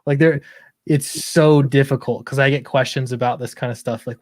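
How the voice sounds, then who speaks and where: A man's voice: mid-range voice, steady tone, moderate pace, darkish tone, no room sound, clean studio sound. A man from Utah hosting a stream, chatting casually and often trailing off unsure of himself. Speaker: stream host. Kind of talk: casual chat.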